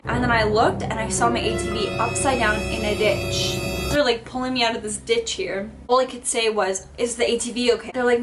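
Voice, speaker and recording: Girl doing a storytime vlog, dramatic n animated, swears a lot, kinda high voice, music playing under. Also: fairly quick, hardly any pauses. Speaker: vlogger. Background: background music.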